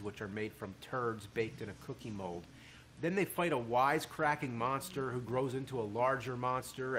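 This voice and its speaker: Animated man reviewing a show, casual swearing. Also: medium pitch, a little hiss or hum.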